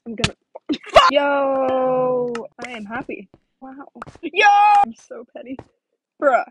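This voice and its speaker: A young woman giving chaotic, erratic gameplay commentary, jumping from mutters to sudden yells. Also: a little high, lively intonation, normal speed, noisy background. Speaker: gaming YouTuber.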